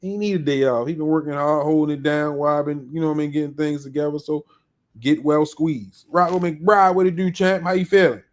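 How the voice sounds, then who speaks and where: The voice is a man's, set slightly high, hosting a live podcast stream. He keeps it casual and upbeat, full of slang as he runs through shout-outs to viewers one by one. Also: steady tone. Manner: upbeat, slangy, rapidly greeting viewers by name. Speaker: podcast host.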